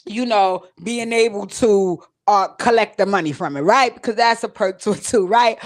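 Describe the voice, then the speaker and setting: A woman's voice: medium pitch, normal speed, few pauses. Woman host, casual live stream from home, direct and emotional with viewers. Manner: emotional, talks to viewers directly, tearful at times. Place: home recording space.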